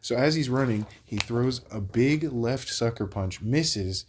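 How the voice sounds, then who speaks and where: A young man hosting a vlog, telling a wild story in casual chat. He talks in an animated way, swears freely, laughs along, and acts out the people he quotes. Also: medium pitch, measured pace, a little hiss or hum. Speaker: vlog host.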